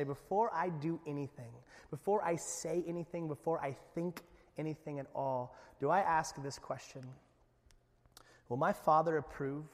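A man, a pastor, preaching a conversational sermon with lively asides. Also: on the high side. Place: church sanctuary. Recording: long echo of a church hall.

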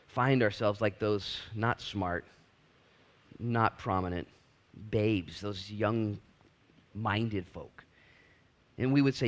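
Low-voiced guy preaching, super animated, gets loud then drops to a hush, slangy and relaxed. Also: slow, pauses often. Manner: animated, swinging from loud excitement to hushed emphasis; laid-back slangy phrasing. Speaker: pastor. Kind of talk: casual expository sermon with prayer.

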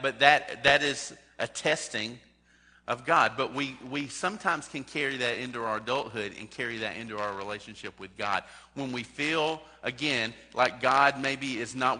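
A pastor with a medium-pitched, sharp voice preaches a sermon conversationally, putting direct questions to his congregation. The recording carries a long hall reverb.

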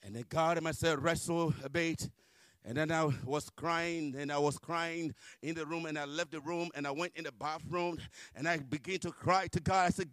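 Male preacher, high voice, dry close sound, fervent testimony with shouted peaks. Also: normal speed, dry recording. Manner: impassioned, rising to shouts when reliving the struggle. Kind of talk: sermon testimony.

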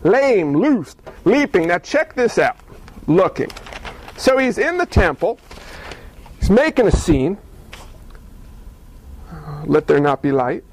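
High-voiced animated preacher man. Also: slow, long pauses, a little hiss or hum, low-quality recording. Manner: animated, acts out voices of people in the story. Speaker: pastor. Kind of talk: sermon.

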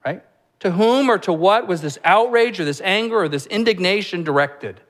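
Conversational pastor preaching a sermon. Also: male voice, high voice, moderate pace, a bit bright. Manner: conversational preaching with rhetorical questions and asides.

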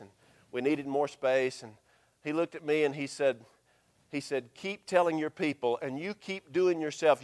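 A man, a pastor telling a story in his sermon and quoting scripture in a hushed, slow voice. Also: a little high.

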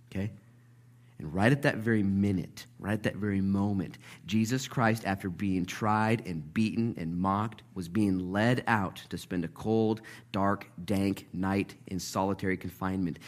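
A man preaching a sermon, telling the story with energy, dropping to a hush and then rising loud, and acting out the people in it. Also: fairly low pitch. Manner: lively storytelling, acts out voices, swings between hushed and loud. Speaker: pastor.

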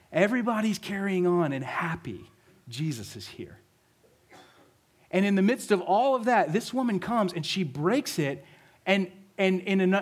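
A man preaches in a relaxed, conversational way, painting a scene and tossing out questions to his listeners. His voice sits somewhat high for a man. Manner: conversational, vivid storytelling with rhetorical questions. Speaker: pastor. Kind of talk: sermon.

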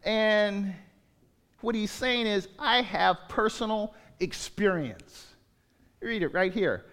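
A man preaching a sermon as pastor, animated, swinging from quiet asides to raised exclamations and acting out quotes. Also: sits high, slow pace. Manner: animated, with sudden rises and drops and acted-out quotes. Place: church sanctuary. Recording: long hall reverb.

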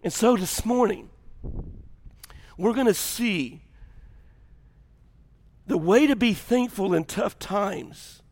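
A male pastor preaching a sermon in an animated, rambling way, with self-deprecating asides. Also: high-pitched, slow pace, long pauses, big-room sound.

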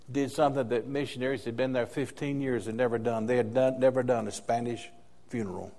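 An older male pastor delivering a sermon in a mellow, relaxed voice. He tells his points through personal stories and lingers on a phrase, repeating it for weight. His pitch sits in an ordinary middle range. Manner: storytelling, repeats key phrases for emphasis. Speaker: interim pastor.

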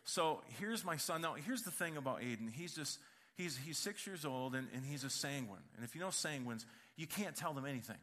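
Animated, bright-voiced preacher man. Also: fairly high pitch, brisk. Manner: animated storytelling with humor. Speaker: pastor. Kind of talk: sermon.

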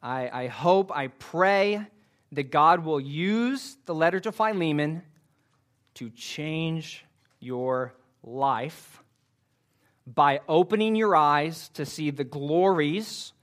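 A man's voice: a little high, lively intonation, takes it slowly, a bit bright. A man preaching a sermon to his congregation, earnest and careful, with frequent fillers. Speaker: pastor.

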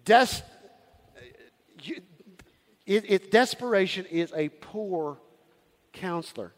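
A man preaching a sermon as pastor, calling out to the congregation and swinging from loud to hushed. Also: sits high, lively intonation, takes it slowly, long reverb tail.

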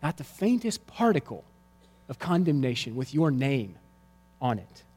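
A male pastor preaching a sermon, swinging between loud emphatic lines and hushed, quiet ones. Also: mid-range voice, big pitch swings, measured pace, breathy edge, long reverb tail.

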